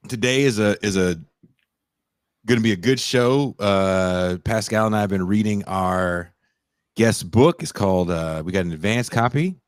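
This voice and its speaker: Guy with a super low voice, slangy rambling podcast chat, dry close sound. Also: normal speed, clean tone, no echo. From Bay Area, US. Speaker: podcast co-host.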